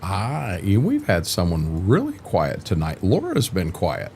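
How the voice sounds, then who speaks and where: An older man with a lowish voice hosts a laid-back game stream. He talks casually with his viewers, wanders from thought to thought, trips over his own starts and throws in the odd mild curse. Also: wildly swooping pitch, a little slow, darkish tone, a little hiss or hum. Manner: rambling, frequent restarts, mild cursing. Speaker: livestream host. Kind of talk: casual chat while streaming a farming game.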